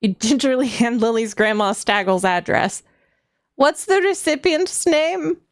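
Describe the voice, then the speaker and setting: A woman's voice: a little high, lively intonation, measured pace. A woman voicing a hip older grandmother at a post office, doting and folksy.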